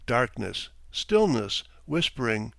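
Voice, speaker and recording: A man reading a classic short story aloud in an expressive, measured narration. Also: medium pitch, vocal fry, no room sound. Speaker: audiobook reader. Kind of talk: audiobook narration.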